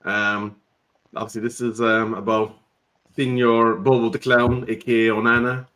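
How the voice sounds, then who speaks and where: A man's voice: on the low side, little pitch movement, moderate pace, a bit bright, low-quality recording. A man, hosting a casual live stream in a chatty, joking way and reading out viewer comments.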